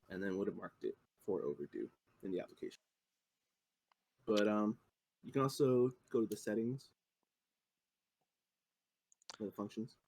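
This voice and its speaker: A young man, a student presenter, walking through a software demo in an explanatory, halting way with frequent fillers. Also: fairly low pitch, husky, no echo.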